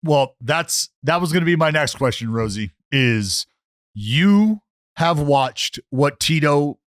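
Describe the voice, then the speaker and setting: A man's voice: a little high, lively intonation, takes it slowly, a bit bright, dry recording, clean studio sound. A man hosting a podcast, asking long, winding interview questions in a casual way. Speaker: podcast host.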